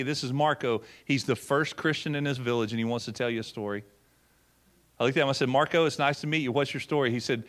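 Middle-aged pastor guy telling a story from the pulpit, folksy, medium pitch. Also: a bit bright. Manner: folksy storyteller, acts out quotes, repeats words. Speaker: pastor and former missionary. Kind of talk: sermon with storytelling.

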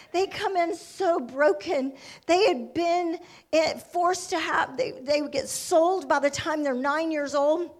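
Woman missionary, sermon testimony, slightly high voice, fervent storyteller. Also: slow pace. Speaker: missionary giving her testimony.

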